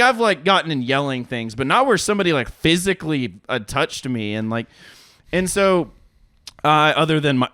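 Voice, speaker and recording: In studio-quality audio with no room sound, a man in his thirties uses a clean, mid-range voice. He's a podcast co-host telling a lively story over casual chat, swearing freely, laughing often and voicing the quotes.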